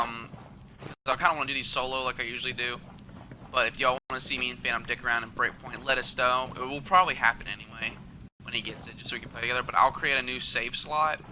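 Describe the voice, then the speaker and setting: A man's voice: medium pitch, bright, forceful tone, slight background noise, poor audio. A young man hosting a gaming channel, talking loosely with lots of fillers as he plays. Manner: rambling, loose and filler-heavy. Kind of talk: casual gameplay commentary.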